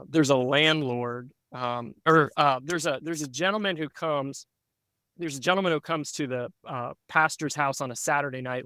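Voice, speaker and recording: Male pastor, podcast guest, mid pitch, smooth tone; earnest reflective storytelling with fillers. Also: pushed and bright, no echo.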